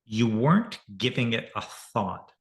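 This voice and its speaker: A man's voice: mid-range voice, sing-song, unhurried. A man hosting a conversation who earnestly explains ideas. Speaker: podcast host. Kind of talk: reflective conversation.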